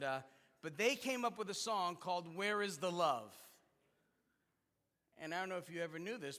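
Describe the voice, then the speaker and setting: A man's voice: a little high, pushed and bright. A male pastor preaching a sermon in a conversational, joking manner, with fillers and restarts. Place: church sanctuary. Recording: long reverb in a church hall.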